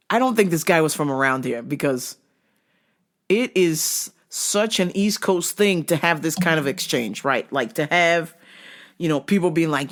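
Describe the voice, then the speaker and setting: Lively woman host, casual storyteller, swings her pitch widely. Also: a little slow. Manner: animated, swears freely, acts out voices. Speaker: show host.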